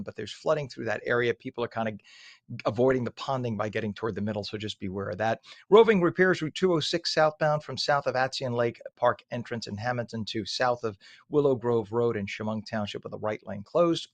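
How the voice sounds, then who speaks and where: A man's voice: mid-range voice, gravelly, dry recording. A man hosting a morning radio show, reading traffic and news with blunt, opinionated asides in a casual way.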